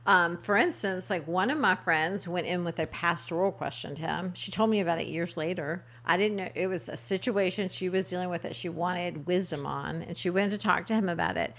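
A middle-aged woman co-hosting a casual faith podcast, reflective and quick to affirm the others. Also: on the low side, a bit bright. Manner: frequent affirming interjections, reflective. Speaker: podcast co-host.

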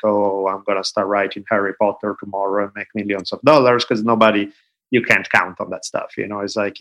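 Italian-accented man, lowish voice. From Italy. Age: 40s. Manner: joking, self-deprecating, relaxed. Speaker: guest. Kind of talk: casual interview chat.

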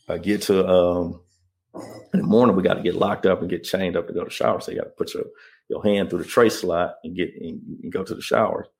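Interview guest: a deep, gravelly man recounting his story earnestly. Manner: earnest, keeps asking "you know what I mean?". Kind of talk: emotional personal storytelling.

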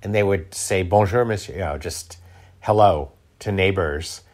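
A man's voice: sits low, measured pace. A middle-aged man talking in a casual interview, rambling with restarts and fillers. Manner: rambling, many restarts and fillers, laughs often. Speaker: guest, food writer.

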